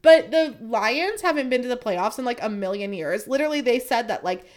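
Woman, casual podcast chat, filler-heavy, animated, gossipy rant energy. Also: a little high, brisk. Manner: chatty, filler-heavy "like" talk; animated, swings between excited and exasperated.

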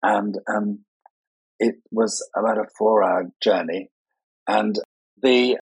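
A man's voice: lowish voice, fairly even intonation, slow pace, gravelly, husky, dry recording, poor audio. An older man, raised in Scotland but with no Scottish accent, chatting as a guest in a conversational interview, telling self-mocking, playful stories. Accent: none, sounds English despite Scottish upbringing. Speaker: guest, party and wedding designer. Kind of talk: anecdotal conversation.

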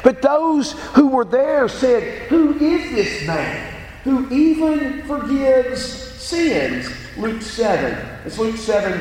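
A man preaching in a church, his voice unusually high and animated, rising and falling as he presses his points. The sound carries a long, roomy reverb with faint ambient noise behind it. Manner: emphatic preaching, quotes scripture aloud. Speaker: pastor. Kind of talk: sermon.

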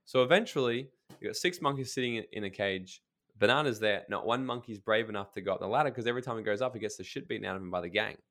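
A man on a podcast, speaking as a coach in casual chat, blunt and emphatic, swearing freely and telling stories with quick asides. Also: on the low side, a bit bright.

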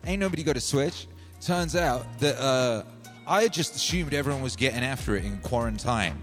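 A man hosting a livestream, telling a rambling comic story in an animated, slangy way and often calling listeners "baby". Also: mid-range voice, normal speed, soft background music. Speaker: livestream music host.

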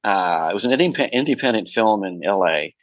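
A low-voiced man being interviewed as an actor guest, telling lively anecdotes with lots of fillers and restarts. His voice is recorded close and dry. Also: brisk, no echo, poor audio. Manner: animated storyteller with many fillers and restarts.

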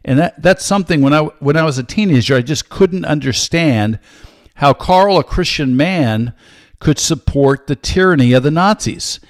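A man in his sixties hosting a podcast as a Bible teacher, giving a measured, earnest solo talk with frequent hesitant fillers. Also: a little high, expressive, dry recording, clean studio sound.

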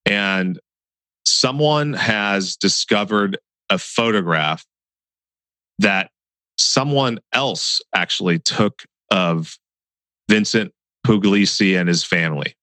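A man hosting a podcast, asking questions in a halting way with many fillers and restarts. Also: fairly low pitch, expressive, pushed and bright, dry recording. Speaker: podcast host. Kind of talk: hosted interview and outro.

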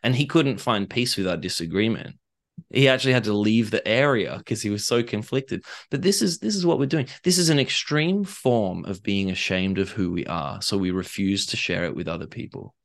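A man's voice: on the low side, normal speed. A man, an author and coach, talking candidly as an interview guest and acting out the people in his stories. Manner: animated storyteller, acts out other voices, laughs easily.

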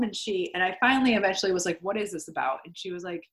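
Talking fast with few pauses, a young podcast guest in a medium-pitched, slightly bright voice shares her story openly. She's chatty, drops "like" constantly, and swears freely.

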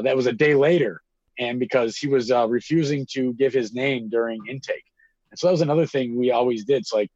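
A guest telling a story, this man rambles on at length in casual conversation, animated and swearing freely without a second thought. His pitch is ordinary, and the recording is close and dry with slightly dull highs.

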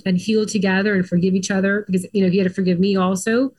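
A woman's voice: mid-range voice, level tone, quick pace, a little mellow. A middle-aged woman, a podcast guest, telling her story in a casual, chatty way full of "like" and "um". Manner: chatty, many "like" and "um" fillers.

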